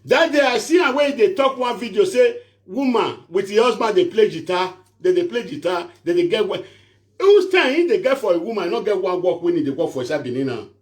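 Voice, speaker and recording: High-voiced Nigerian Pidgin ranting prophet. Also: male voice, big pitch swings, brisk. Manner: preachy, repetitive, pleading. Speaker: social media prophet and show host. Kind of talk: animated rant to camera.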